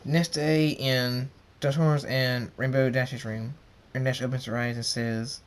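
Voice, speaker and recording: A man's voice: mid-range voice, level tone, unhurried, few pauses. A man reading a fan story aloud, often stumbling and repeating words.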